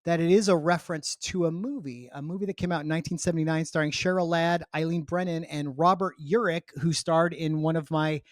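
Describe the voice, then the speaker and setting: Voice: mid-range voice, steady tone, brisk, few pauses, no echo, clean studio sound. A podcast co-host in casual chat, talking in a chatty, digressive way and laughing easily.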